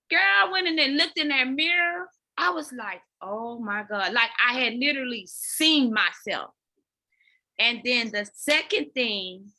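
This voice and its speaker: Bright, lively woman telling her story. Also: a little high. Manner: animated, addresses listeners as y'all, repeats words when emotional. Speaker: podcast guest, dance fitness coach. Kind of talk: candid personal storytelling.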